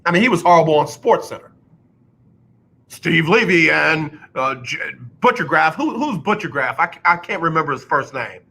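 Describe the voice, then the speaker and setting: A man's voice: fairly high pitch, lively intonation, moderate pace, bright, forceful tone, husky. A man hosting a sports talk radio show, ranting bluntly and repeating his points for emphasis. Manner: mocks others with exaggerated announcer impressions. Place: radio studio.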